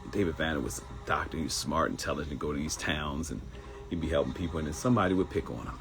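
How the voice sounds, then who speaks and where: A man's voice: a bass voice, quick pace, vocal fry, music in the background. A middle-aged man from Baltimore hosting a live talk show, chatty and storytelling, calling his listeners y'all. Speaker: host.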